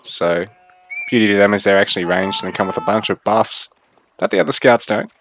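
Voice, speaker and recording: A young man giving casual, chatty game commentary, thinking aloud in a fairly even delivery. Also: fairly low pitch, brisk, dull audio. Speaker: esports caster.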